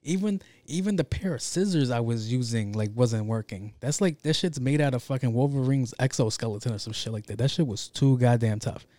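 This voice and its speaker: A young man hosting a podcast, telling a story in a casual, profane, animated way with lots of slang. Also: mid-range voice, brisk, few pauses, dry recording. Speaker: podcast host.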